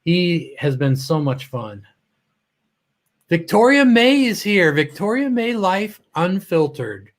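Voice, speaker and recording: His voice is high-pitched and very animated, though he takes his time. This man hosts a casual live stream, calling out viewers by name while sounding a bit choked up and often trailing off partway through sentences.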